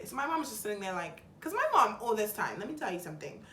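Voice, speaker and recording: A young woman tells her story to the camera in a chatty, dramatic way, slipping into quoted voices as she goes. Her voice sits at an average pitch. The room echoes noticeably, with a faint hum behind her. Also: big pitch swings, fast talker, hardly any pauses, sharp tone. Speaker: vlogger. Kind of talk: personal storytelling vlog. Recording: roomy echo with faint background hum.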